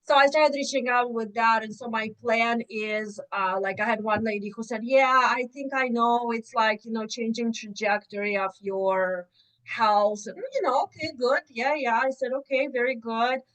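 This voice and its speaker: A woman's voice: fairly high pitch, moderate pace, a bit bright, rough recording. A woman on a group video call, speaking hesitantly with many ums. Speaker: team member on a community call. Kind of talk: casual chat on a group call.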